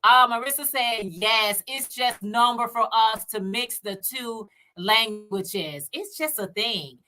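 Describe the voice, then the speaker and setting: Woman, Chicago accent, casual livestream co-host, higher voice, chatty. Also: slow pace, bright, forceful tone, soft background music. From United States. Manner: chatty, laughs often, talks to viewers directly. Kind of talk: casual livestream chat, reading viewer comments.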